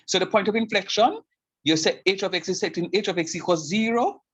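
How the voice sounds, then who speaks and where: A middle-aged man lectures on calculus in a fairly high, husky voice. He keeps repeating his main point for emphasis and often stops to ask whether his students can see it. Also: a little fast, a bit bright, low-quality recording. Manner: repeats key points emphatically and checks understanding. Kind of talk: classroom math lecture.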